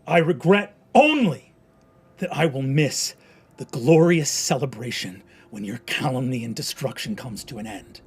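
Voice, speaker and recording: A man playing a defiant, proud condemned male prisoner, declaiming loudly to a crowd in a tabletop game. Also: medium pitch, lively intonation, a little slow, slightly rough, heavily acted.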